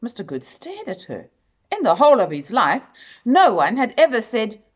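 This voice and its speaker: Lively woman reading a picture book aloud. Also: on the high side, normal speed, slightly rough, muffled recording. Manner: expressive, speaks to the listener directly. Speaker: storyteller.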